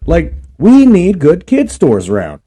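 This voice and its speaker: A man's voice: a little high, huge pitch swings, a little slow, warm tone, slightly rough. A young man, ranting and cussing in a casual vlog. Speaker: vlog host. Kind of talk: casual profane rant.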